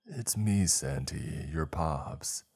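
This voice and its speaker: A demonic creature that mimics a father's voice, coaxing and menacing, as a man puts it on. The voice sits extremely deep, in a narrated horror story. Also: lively intonation, extremely slow, a little mellow, breathy edge, exaggerated voice.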